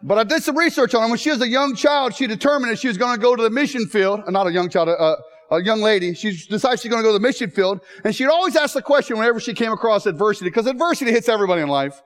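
A man preaching in a chapel, joking and then growing emotional and loud. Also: sits high, expressive, racing. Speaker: chapel speaker. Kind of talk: humorous sermon.

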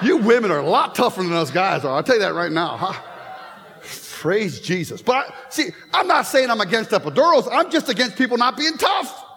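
Pastor in his fifties, very high voice, joking storyteller, church hall with long reverb. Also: big pitch swings, a little fast, a bit bright. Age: 50s. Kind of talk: sermon. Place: church sanctuary.

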